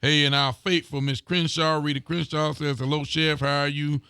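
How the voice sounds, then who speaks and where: A man's voice: a little high, little pitch movement, moderate pace, bright, forceful tone, clean tone, dry recording, clean studio sound. A man, a sheriff hosting a local live talk show, chatting casually and greeting viewers by name. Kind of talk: casual live-stream chat reading viewer comments.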